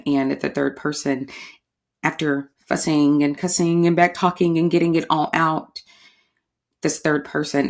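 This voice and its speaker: Woman host, low-pitched, talkative and animated, casual solo podcast delivery. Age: adult, married. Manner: expressive, chatty, laughs often.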